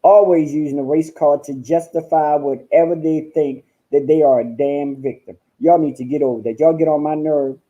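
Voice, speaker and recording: A man's voice: a little high, fairly even intonation, moderate pace, few pauses, dull audio. A man hosting a casual livestream from home, talking in a sassy, profane way and calling his listeners honey and girl. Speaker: livestream host.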